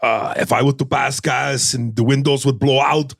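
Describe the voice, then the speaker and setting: A man impersonating a gruff action-movie star in a slurred, mumbling tough-guy drawl. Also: mid-range voice, steady tone, moderate pace, a bit bright, no room sound, studio quality. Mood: boastful.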